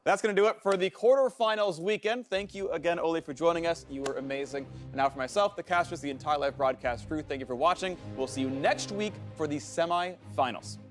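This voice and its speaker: A man hosting an esports analysis desk, asking a pro player about matchups in quick, upbeat chat. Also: fairly high pitch, over music.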